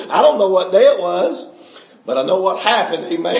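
A middle-aged man preaching a fervent testimony sermon, building from quiet recollection into shouting. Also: high voice, expressive, normal speed, vocal fry, some chatter behind. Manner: fervent, rising to shouts, Southern preaching cadence.

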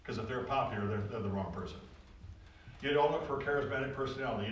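A man preaching a sermon to a congregation, folksy and animated, repeating phrases for emphasis. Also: medium pitch, fast. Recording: roomy echo, distant from the mic.

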